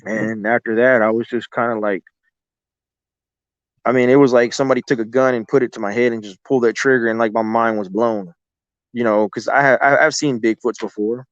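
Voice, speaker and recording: Speaking briskly in a mid-range voice with fairly even intonation, this male guest rambles through long encounter stories, restarting often and cursing without restraint. The audio is dry with no room sound, slightly dull and lo-fi.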